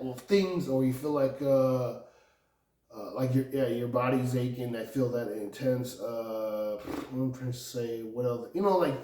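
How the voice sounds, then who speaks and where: A man rambling through a profane personal monologue, meandering and laughing often, with sudden loud outbursts. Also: medium pitch. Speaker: vlogger. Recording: echoey room, distant from mic.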